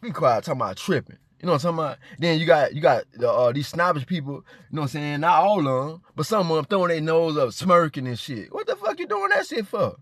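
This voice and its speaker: A man's voice: a little high, fast talker, few pauses, dry recording. Defiant man ranting in a dry room. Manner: defiant, profane, repeats rhetorical check-ins. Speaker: vlogger. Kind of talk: confrontational spiritual rant.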